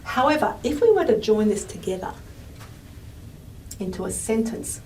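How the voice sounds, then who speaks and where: A woman lecturer explaining at a whiteboard in a chatty way, often checking in with "okay?" and filling pauses with "um". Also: medium pitch, very animated, darkish tone. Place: classroom. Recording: voice from a distance with faint room noise.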